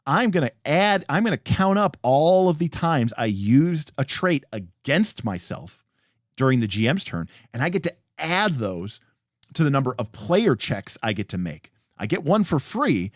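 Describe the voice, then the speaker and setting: Animated man explaining game rules. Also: fairly high pitch, unhurried, no room sound, studio quality. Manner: animated, acts out example dialogue, many fillers. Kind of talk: casual rules explanation on a livestream.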